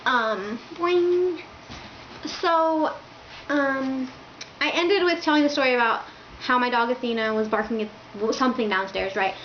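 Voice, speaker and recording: A woman's voice: fairly high pitch, moderate pace, slight background noise. A young woman telling a rambling storytime to her camera, packed with fillers like "like" and "um". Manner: rambling, filler-heavy, lots of "like". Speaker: vlogger. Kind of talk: casual storytime. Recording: echoey, slightly dull home recording.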